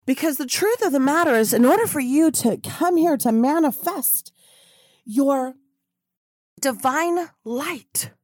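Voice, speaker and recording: Fired-up woman podcast host preaching and chanting affirmations, kinda high voice, dry close mic. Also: animated, measured pace, a little mellow, no echo. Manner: effusive and preachy, chanting affirmations with sudden whoops. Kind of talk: motivational spiritual podcast talk.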